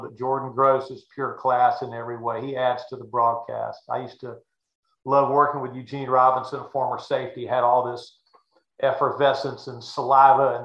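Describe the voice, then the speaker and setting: A man's voice: medium pitch, a bit bright. A man in his sixties, a sports broadcaster, telling stories in a folksy, earnest way. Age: 60s. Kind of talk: anecdotal storytelling. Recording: echoey, dull room sound.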